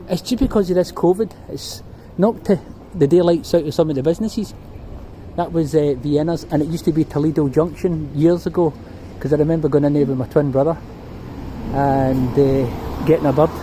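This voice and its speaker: A middle-aged Scottish man rambles cheerfully through his memories while walking a city street. His voice sits a little high but has a warm, mellow tone. Faint traffic hums behind him, picked up by a handheld phone. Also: fairly even intonation, normal speed, low-quality recording. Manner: rambling, reminiscing, chatty. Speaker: vlogger. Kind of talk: walking tour vlog.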